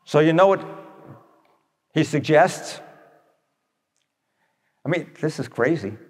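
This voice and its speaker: A man telling stories to an audience in a blunt, animated way, tossing in rhetorical questions. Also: on the high side, slow. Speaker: speaker addressing an audience. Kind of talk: storytelling talk to an audience. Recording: long echoey hall reverb.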